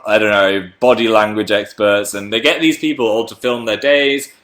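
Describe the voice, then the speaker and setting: Reading out viewers' messages, a livestream host rambles chattily and pokes fun at himself. His voice is lowish, steady, and a bit bright, at a moderate pace.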